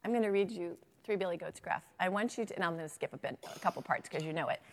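Gravelly-voiced woman teaching in a hall. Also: on the low side, quick pace. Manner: lively, asks the audience to answer. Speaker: speaker at a faith talk, kindergarten teacher. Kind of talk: teaching talk with storytelling. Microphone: handheld microphone. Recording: long reverb of a hall.

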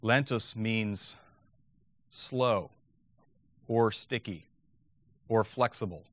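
A man's voice: lowish voice, extremely slow, dry recording. A man giving a lecture on teaching Latin, talking conversationally and often checking in with "okay?".

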